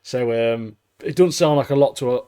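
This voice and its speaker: Man, mid-pitched, upbeat, casual podcast co-host. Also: moderate pace, warm tone, smooth. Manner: upbeat, plugging the channel. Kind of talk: casual chat.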